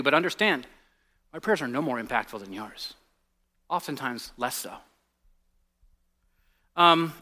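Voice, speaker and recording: A man in his forties giving a conversational sermon as a pastor, telling stories with lots of restarts and sinking to a hushed voice on serious points. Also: on the high side. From United States. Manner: animated storytelling, drops to a hushed voice on serious points, many restarts.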